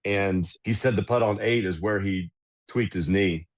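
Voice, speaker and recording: A middle-aged man, a golf club director and podcast guest, telling anecdotes in casual, animated fashion. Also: on the low side, unhurried. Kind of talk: casual storytelling.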